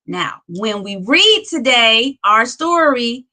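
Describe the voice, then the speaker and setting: A woman's voice: fairly high pitch, big pitch swings, slow, sharp tone, rough recording. A woman teaching a kindergarten lesson, patient and repeating each word as she claps out its syllables. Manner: patient, repeats words while clapping syllables. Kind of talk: children's lesson.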